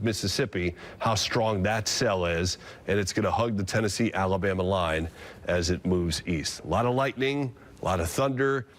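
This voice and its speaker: A man, a TV meteorologist, giving live severe weather coverage and explaining radar as he goes, with fillers and restarts. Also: on the low side.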